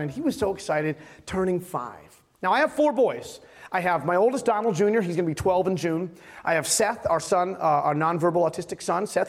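A man in his thirties preaching a sermon as a pastor, casual and joking with his congregation. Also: high voice.

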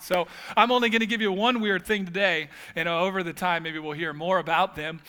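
A man's voice: high voice, a little fast, few pauses, bright, forceful tone, clear, resonant tone. A man preaching a sermon as pastor, telling humorous stories with casual asides.

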